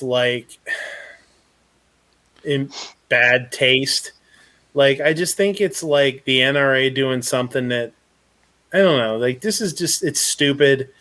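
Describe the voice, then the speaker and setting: A man's voice: mid-range voice, a bit bright, clean tone. A man hosting a casual live chat show, rambling with lots of fillers and blunt opinions. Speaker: podcast host.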